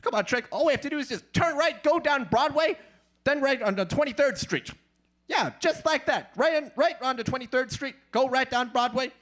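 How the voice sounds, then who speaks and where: A man's voice: very high-pitched, moderate pace, fairly bright tone, pitched above the performer's own voice. Donkey, a chattering eager donkey as a man puts him on. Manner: pleading, chattering, pushy. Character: fast-talking excitable male donkey sidekick. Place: club stage.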